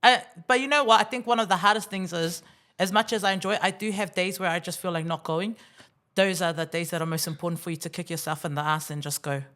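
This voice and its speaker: A woman in her thirties from Tonga, a guest chatting casually on a podcast, bubbly and quick to joke and laugh. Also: lowish voice, steady tone, a bit bright. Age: 30s. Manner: bubbly, laughs often, jokey asides. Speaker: guest, radio presenter.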